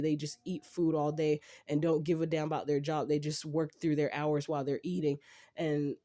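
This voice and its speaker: A woman ranting to her camera, aggravated and rambling, with frequent profanity. Her voice is dark and mellow. She keeps breaking off and restarting her sentences. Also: low voice. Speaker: vlogger. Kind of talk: casual venting to camera.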